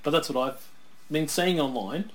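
A man's voice: fairly high pitch, animated, normal speed, a loud crowd. A man co-hosting a casual wrestling watch-along, talking through predictions in a chatty way and laughing often. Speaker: co-host. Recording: faint background noise, lawnmower outside.

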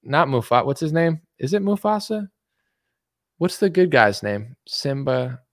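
A man's voice: a little high, big pitch swings, unhurried, no room sound, studio quality. A man hosting a podcast, giving loose, joking opinions with lots of fillers. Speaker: podcast host. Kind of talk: casual opinion chat.

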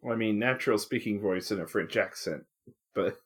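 Wry low-voiced man cracking jokes. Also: fairly quick, husky. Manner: wry and joking, loose asides. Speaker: podcast co-host. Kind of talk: casual podcast movie chat.

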